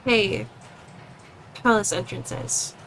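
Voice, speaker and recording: A woman's voice: medium pitch, fairly even intonation, drawn-out words, vocal fry, fairly bright tone, slight background noise. A woman playing a tabletop game, asking questions in a wry, curious way. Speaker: player.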